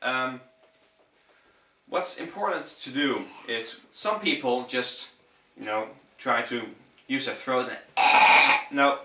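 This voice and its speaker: Speaking slowly with a sharp edge and a medium pitch, a young man from the Netherlands delivers a casual how-to on vocals in English, his Dutch accent clear since Dutch is his first language. His talk wanders, curses freely and stays relaxed. Sound comes from a distant mic in a reverberant room.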